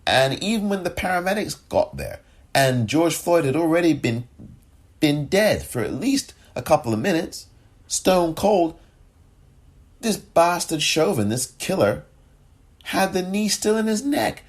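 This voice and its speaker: A man giving impassioned political commentary, angry and sarcastic, often rising in pitch as he rants. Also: very animated, measured pace.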